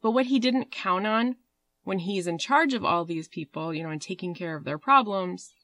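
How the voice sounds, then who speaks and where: A woman's voice: on the low side, moderate pace, a bit bright, no echo. A woman hosting a podcast, telling a story in a rambling, casual way with fillers and swearing. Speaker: podcast host.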